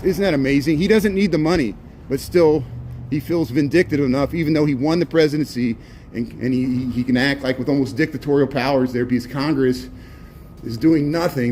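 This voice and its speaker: A man's voice: fairly high pitch, darkish tone. A man giving rambling, casual commentary as he walks city streets and livestreams, with sarcastic asides. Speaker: walking-tour livestreamer. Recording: street noise and passing traffic.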